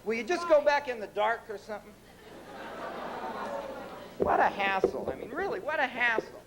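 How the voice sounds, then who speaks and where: A man's voice: very high voice, lively intonation, normal speed. A man doing a stand-up comedy set, talking brashly and ranting with profanity in front of a live audience in a large concert venue. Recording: live concert tape with crowd noise. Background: laughing crowd.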